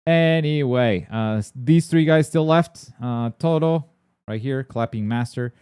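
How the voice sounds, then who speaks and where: Rambling excitable male streamer, dry sound. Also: mid-range voice, unhurried, clean tone, no echo. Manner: rambling and excitable, lots of fillers and blunt swearing. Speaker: host of a gaming and anime news stream. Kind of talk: casual chat.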